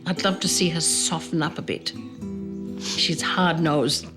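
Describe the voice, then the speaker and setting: A woman's voice: sits low, steady tone, unhurried. A middle-aged woman, a mother, reading a tender, pleading letter to her daughter aloud. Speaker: mother of a teen. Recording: interview with loud background music.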